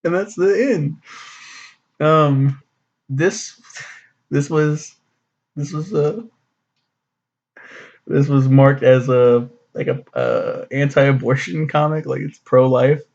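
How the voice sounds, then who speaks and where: Gravelly, rambling man reviewing a comic. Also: medium pitch, takes it slowly, pauses often, a little mellow, highs cut off. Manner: rambling, profane, lots of fillers. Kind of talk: casual recap and commentary.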